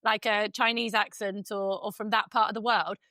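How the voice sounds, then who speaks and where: A woman's voice: mid-range voice, level tone, moderate pace, pushed and bright, no echo. A woman co-hosting a podcast, chatting frankly with a giggly, talkative manner. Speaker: podcast co-host. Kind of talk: casual chat.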